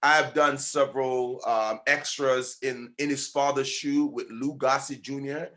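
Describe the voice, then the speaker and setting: A man hosting a podcast in casual chat, animated and laughing, repeating himself for emphasis. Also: medium pitch, a little slow. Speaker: podcast host.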